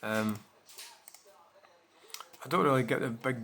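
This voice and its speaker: A man's voice: mid-range voice, slow, fairly bright tone, slight background noise. A man chatting casually to his viewers, rambling with many fillers and restarts. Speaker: channel host. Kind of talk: casual chat to camera.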